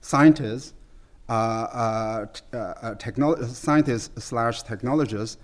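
A man as guest expert, explaining at length in a conversational interview, halting with many fillers and restarts. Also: mid-range voice.

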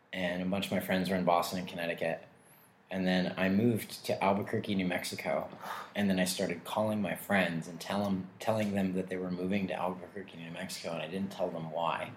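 Deep-voiced male comedian guest, loose rambling storyteller, roomy sound. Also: fairly even intonation, a little fast, a little hiss or hum. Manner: rambling, self-mocking, laughs often. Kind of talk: casual storytelling interview. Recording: roomy echo.

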